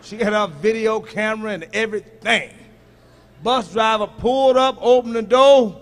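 A male stand-up comedian performing a profane set, teasing the audience and shouting punchlines at them. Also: sits high, fairly even intonation, moderate pace.

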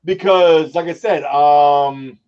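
A man's voice: fairly high pitch, clean tone, highs cut off. A man in a casual podcast chat who rambles and stops and starts, making fun of himself and swearing. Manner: rambling, halting, self-deprecating, swears. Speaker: podcast co-host.

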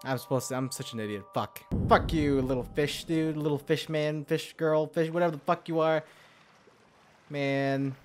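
Over background music, a young man with a fairly high, steady voice narrates his gameplay at normal speed. The commentary rambles and is full of swearing, with muttering to himself and occasional sudden yelps of alarm.

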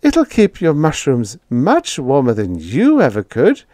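A nosy, kind-hearted old landlady who chirps and frets in a thin, high voice, as a man puts her on. Her pitch leaps around in a lively way. The sound is close and completely dry, like a storybook read aloud. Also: measured pace, dry recording. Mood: chirpy eager. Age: older. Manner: chirpy, flustered, high falsetto. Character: fussy meddling elderly female landlady.

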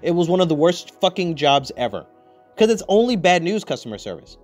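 A man's voice: a little high, sing-song, quick pace, soft background music. A man hosting a podcast, chatting casually with a profane, rambling, joking manner. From United States. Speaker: podcast host. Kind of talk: casual chat.

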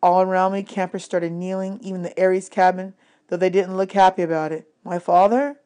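A woman reading a novel aloud, narrating in a steady, clear storytelling manner. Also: fairly low pitch, brisk. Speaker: reader. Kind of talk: audiobook read-aloud narration.

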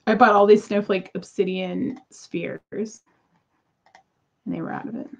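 A woman's voice: medium pitch, fairly even intonation, measured pace, vocal fry, lo-fi sound. A woman in her thirties chatting casually to viewers while unboxing crystals, exasperated and talkative. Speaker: crystal seller.

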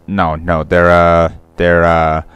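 Young dude rambling through a let's play, cussing a lot, smooth lowish voice, dry sound. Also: male voice, completely flat delivery, takes it slowly, fairly bright tone, no echo. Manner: rambling, profane, self-correcting. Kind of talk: casual rambling gameplay commentary.

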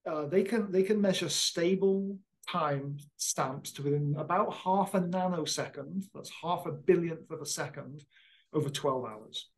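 A middle-aged astronomer and former program manager chats casually, explaining things enthusiastically. His voice is fairly high and his pace measured, though the recording is rough.

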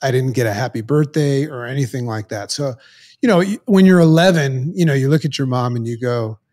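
A man's voice: medium pitch, lively intonation, a little mellow. Earnest man telling a personal story. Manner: earnest, halting, with many restarts. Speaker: podcast guest.

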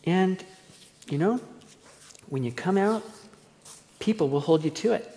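A male pastor delivers a verse-by-verse sermon in a church hall, telling it like a conversational story and acting out the voices he quotes. His voice sits high and dark-toned, expressive and a little slow, with long church reverb on the recording.

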